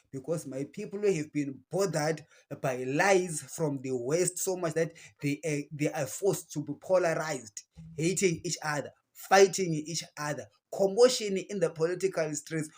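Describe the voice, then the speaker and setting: A Zimbabwean-accented man speaks in a somewhat high voice. He gives a fiery political address straight to camera, preaching and defiant. He hammers his points home by repeating phrases. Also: normal speed. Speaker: political commentator.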